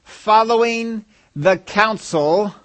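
A man's voice: high-pitched, very slow. A man preaching a sermon, asking the congregation rhetorical questions and driving his points home with emphasis.

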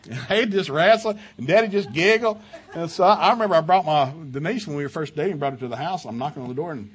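A middle-aged man preaching at a marriage seminar, telling loud, animated family stories between scripture readings. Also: fast. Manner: loud and animated, with big jumps in pitch and volume and laughter at his own stories; folksy storytelling mixed with scripture reading. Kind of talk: sermon.

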